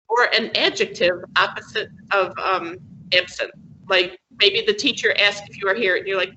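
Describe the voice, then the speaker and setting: A woman's voice: mid-range voice, normal speed, sharp tone, muffled recording, a little hiss or hum. A woman teaching an English class, explaining patiently with many fillers and frequent checks for understanding. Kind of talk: classroom lesson on word stress.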